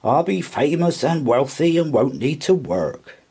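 A man's voice: a little high, wildly swooping pitch, slow pace, a little mellow, husky, pitched above the performer's own voice, full character voice. A man voicing a boastful male trawler skipper who turns frightened, in a raised, strained voice for a read-aloud storybook. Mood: smug.

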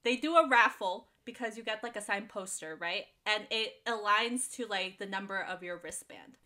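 A woman's voice: mid-range voice, moderate pace, pushed and bright. A young woman co-hosting a podcast, telling a story in a casual, slangy way and laughing often. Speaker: podcast co-host. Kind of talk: casual chat.

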